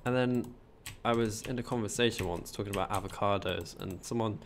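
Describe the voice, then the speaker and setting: A man's voice: on the low side, brisk, a little hiss or hum. A man with a posh English accent, chatting casually on a gameplay livestream, rambling and reading out chat as he builds. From England.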